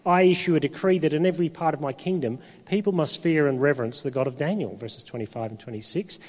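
A middle-aged man from Ireland, preaching a sermon in a conversational way, with rhetorical questions and dramatic pauses. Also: fairly high pitch, a little mellow, lo-fi sound. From Northern Ireland. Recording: long hall reverb.

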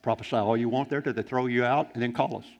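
Man, pastor preaching, gravelly, animated, loud and then hushed. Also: medium pitch, fast, highs cut off. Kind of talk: sermon.

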